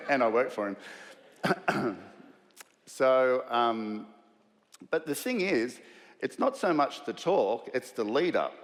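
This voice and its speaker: A man's voice: mid-range voice, sing-song, slow pace, long pauses. An Australian man in his fifties giving a conference keynote, telling self-deprecating stories in a loose, conversational way. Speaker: keynote speaker. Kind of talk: conference keynote with humorous anecdotes. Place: large conference hall. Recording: reverberant hall.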